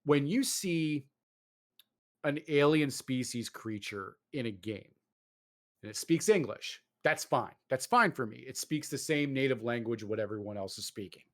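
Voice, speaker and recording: Male host, mid-pitched, ranting loosely about games, cursing freely. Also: a little slow. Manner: animated ranting, swearing, lots of fillers. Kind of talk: casual chat.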